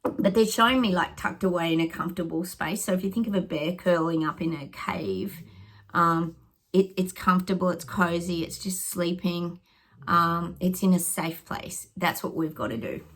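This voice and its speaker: A middle-aged woman vlogs her psychic predictions in a loose, rambling way, thinking aloud as she goes. Her voice sits a little low, with a husky, breathy edge and some gravelly fry. Now and then she drops into a whispered aside. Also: normal speed, fairly bright tone.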